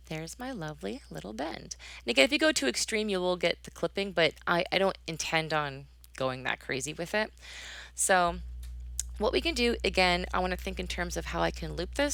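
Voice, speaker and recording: A woman giving a casual software tutorial, chatting as she works and muttering to herself while searching through menus. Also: fairly low pitch, creaky, no room sound. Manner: talks to the software affectionately. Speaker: instructor.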